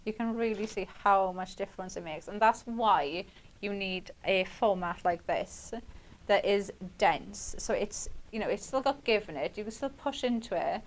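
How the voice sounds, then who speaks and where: A woman's voice: mid-range voice, moderate pace. A young woman talks viewers through a craft project on a shopping channel. Her delivery is chatty and a little rambling, and she laughs easily as she goes. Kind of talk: live craft demonstration with chat.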